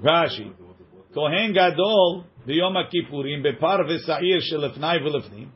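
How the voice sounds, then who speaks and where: A man with a slightly high voice teaches a text study class, quickly reading passages, translating them line by line and joking with his students. The recording is dull and lo-fi.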